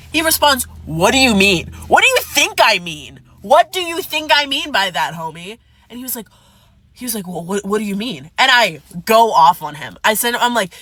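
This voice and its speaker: A woman with a bright, forceful voice tells a messy personal storytime, dramatic and profane. Her voice is recorded dry and close. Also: a little high, no room sound. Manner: dramatic, profane, addresses viewers as "divas". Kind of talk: casual storytime.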